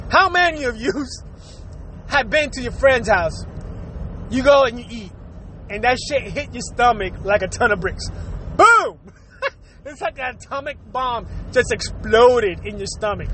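A man's voice: extremely high pitch, expressive, a little slow, a bit bright, a little hiss or hum. A man telling a crude comedic story to his viewers, laughing constantly through his words and acting out noises.

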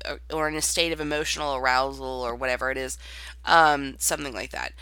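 Bright, emphatic voice in podcast chat. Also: medium pitch, steady tone, a little fast, smooth, no echo. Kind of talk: casual podcast conversation.

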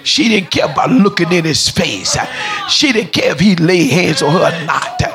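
A woman preacher delivering a fiery sermon in a rhythmic, repetitive cadence, shouting and speaking in tongues. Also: lowish voice, big pitch swings, normal speed, music in the background.

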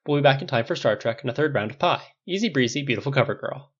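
A man voicing a quick-joking male genius inventor, talking brisk and wisecracking. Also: mid-range voice, lively intonation, husky, voice pushed up. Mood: breezy. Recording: dull lo-fi recording.

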